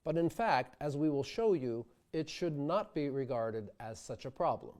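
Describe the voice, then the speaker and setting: A man teaching sung diction, speaking slowly and carefully and demonstrating vowel sounds aloud. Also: on the high side, expressive, a little mellow. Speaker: diction instructor. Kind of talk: instructional video lesson.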